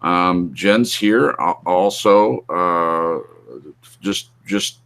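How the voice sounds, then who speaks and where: A man with a deep, low-pitched voice hosts a live online show. He talks loosely and rambles, with plenty of fillers and restarts. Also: extremely slow, a bit bright, smooth. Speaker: host. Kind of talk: casual live-stream talk.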